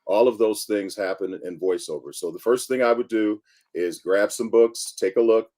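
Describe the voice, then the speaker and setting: A man on a video call giving calm, measured voice-over advice as an interview guest. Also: fairly low pitch.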